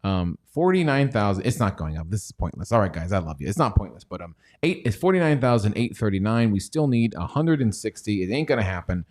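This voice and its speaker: Low-voiced joking male stream host. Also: big pitch swings, fast, few pauses, darkish tone. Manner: joking, rambling, reads chat aloud. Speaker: livestream host. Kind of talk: casual banter on a stock livestream.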